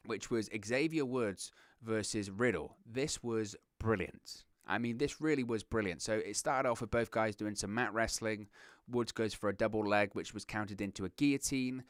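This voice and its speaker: A man's voice: medium pitch, no echo. Rambling man, dry close mic. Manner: rambling, animated, self-interrupting with restarts. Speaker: wrestling reaction host. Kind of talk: casual solo commentary.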